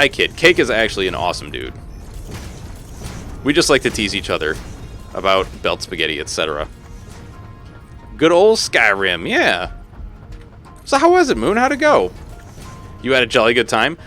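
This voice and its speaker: A man in his thirties live-streams a game, joking, swearing freely and chatting animatedly with his viewers. His voice sits mid-range at a normal speed with frequent pauses, and soft music plays in the background.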